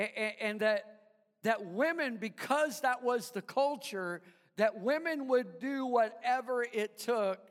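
A man preaching a sermon, telling a story with chuckles and halting restarts. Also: high voice, clear, resonant tone, big-room sound. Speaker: pastor.

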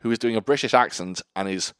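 A man co-hosting a casual podcast chat about films, animated and swearing freely, laughing easily. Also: fairly low pitch, fast, clear, resonant tone, no room sound, studio quality. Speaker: podcast co-host.

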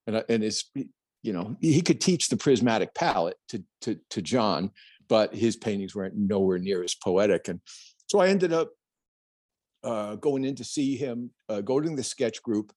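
A man's voice: fairly low pitch, normal speed, no echo, studio quality. A middle-aged man from New Jersey, a painter and podcast guest, telling stories animatedly and acting out the voices of people he quotes. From New Jersey, United States. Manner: animated storyteller who acts out quoted voices. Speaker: plein air painter, guest. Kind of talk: storytelling in a podcast interview.

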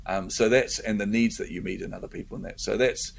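Middle-aged man, low gravelly voice, animated storyteller, laughs a lot, faint background hiss. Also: fast talker. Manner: animated storyteller, laughs often, repeats words. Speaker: guest entrepreneur. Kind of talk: casual interview chat.

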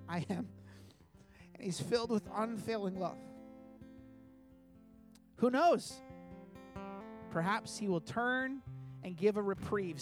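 A man with a fairly high voice preaches from a church stage into a microphone. He talks in an earnest, conversational way and acts out short quoted asides. Soft guitar plays faintly behind him. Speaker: pastor. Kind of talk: sermon.

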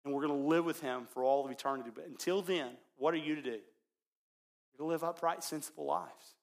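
A pastor delivering a sermon built around a story. His voice sits a little high for a man. He swings from loud, excited bursts to hushed, quiet stretches. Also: brisk.

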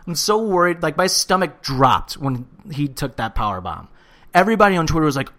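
A man co-hosting a casual wrestling podcast, ranting and swearing with animated bursts of shouting. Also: fairly high pitch, fairly quick. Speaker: podcast co-host. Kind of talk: casual wrestling recap chat.

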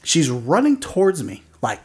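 A man's voice: a little high, huge pitch swings, normal speed, breathy edge. A man hosting a casual podcast, telling stories in a rambling way with lots of fillers and chuckles. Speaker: podcast host.

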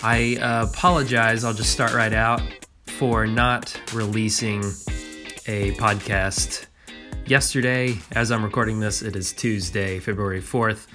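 A man's voice: lowish voice, fairly even intonation, a little slow, music in the background. A man hosting a solo golf podcast, talking off the cuff while congested from being sick, with frequent restarts and fillers. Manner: rambling, with many restarts and fillers. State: congested from illness. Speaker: podcast host.

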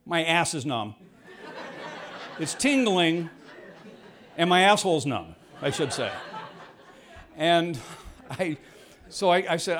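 A man telling a rambling, self-deprecating personal story to a live audience, his voice jumping high when the story turns tense. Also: big pitch swings, slow, long pauses, fairly bright tone. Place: jungle home on a tropical mountain.

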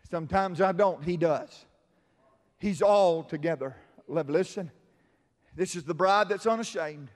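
A male preacher delivering an impassioned sermon in a sing-song cadence, dropping to soft murmurs and rising to shouts. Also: on the high side. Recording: long hall reverb.

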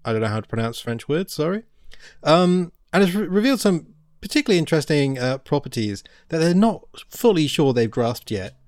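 A man's voice: fairly high pitch, big pitch swings, a little fast, darkish tone, dry recording, clean studio sound. A man co-hosting a casual science podcast, chatty and stumbling a little over technical terms. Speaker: podcast co-host. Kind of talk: casual educational chat.

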